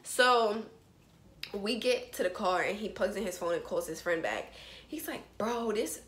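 A young woman telling a storytime vlog in casual chat, chatty and animated, with quick asides to her viewers. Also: mid-range voice, roomy sound, very noisy. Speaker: vlogger.

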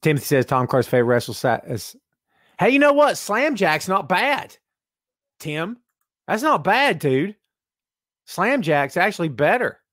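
A man's voice: a little high, a bit bright, dry recording, studio quality. A man hosting a live-streamed wrestling podcast in casual, sarcastic chat, reading viewer comments aloud and mumbling to himself while he adjusts settings.

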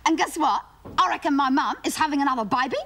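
A woman's voice: high-pitched, quick pace. A woman with an Australian accent playing a whiny, gossipy suburban schoolgirl in a comedy sketch, with a sing-song, breathless way of talking. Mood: whiny gossiping. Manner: sing-song, breathless, exaggerated teen complaints. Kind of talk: sketch comedy monologue before live audience. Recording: loud audience laughter and noise. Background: audience laughing.

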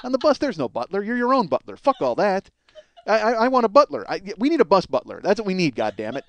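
A man's voice: sits high, huge pitch swings, fast talker, fairly bright tone. A man hosting his own podcast, delivering a profane, rambling comedic monologue that mocks himself as much as anyone. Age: middle-aged. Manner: profane, ranting, self-mocking. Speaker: podcast host.

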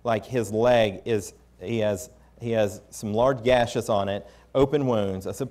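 A man's voice: fairly low pitch, fairly even intonation, a little slow, darkish tone. A man preaching a sermon, recounting his experiences in a candid, conversational way with frequent restarts. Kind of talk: storytelling sermon.

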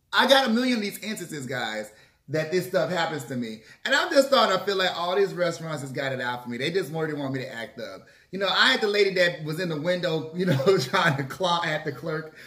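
A man telling a story casually to his viewers, lively and swearing freely. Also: fairly high pitch. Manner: animated, acts out quotes, swears freely. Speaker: mukbang vlogger. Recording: echoey room.

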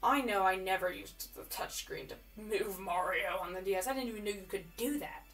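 A woman giving live commentary while she plays a game, chatty and excitable, often repeating words in quick bursts. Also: medium pitch, far from the mic, faint music behind. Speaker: gamer.

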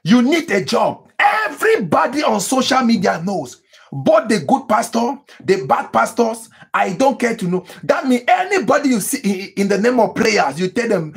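A man preaching as a pastor, with emphatic repetitions, sudden high cries. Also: sing-song, normal speed, gravelly, breathy edge. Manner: mimics people praying in tongues. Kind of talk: sermon.

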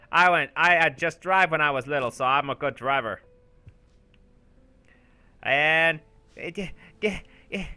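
A man giving goofy, boastful let's-play commentary, shouting when excited, with game music behind. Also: on the high side, a little slow, pauses often, clean tone. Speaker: gaming channel host.

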